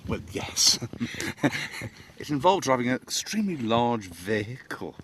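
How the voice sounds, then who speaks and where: A man's voice: mid-range voice, sing-song, measured pace, fairly bright tone, slight background noise. A man telling a long, self-mocking story about how he became an actor, chuckling as he goes. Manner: jokey, self-mocking, chuckles between lines. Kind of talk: anecdotal monologue to camera.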